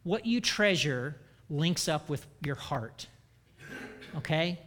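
A man giving a church sermon as pastor, animated and humorous, with self-deprecating asides. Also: on the high side, takes it slowly.

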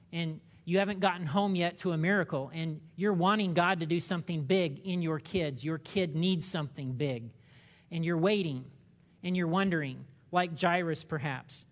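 Lively male pastor preaching a sermon. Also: a little high. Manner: animated, acts out quoted voices, asks the congregation questions.

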